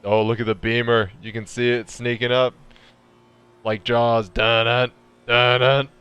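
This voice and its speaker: Male race caller, clear and smooth, playful banter. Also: medium pitch, little pitch movement, normal speed. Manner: joking, laughs often, jokey put-on accents. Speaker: sim racing commentator. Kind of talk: casual esports race commentary.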